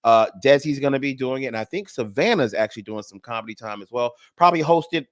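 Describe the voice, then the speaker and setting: A man's voice: medium pitch, fast, no echo. Man, radio host, upbeat promos, casual banter, dry close sound. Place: radio studio.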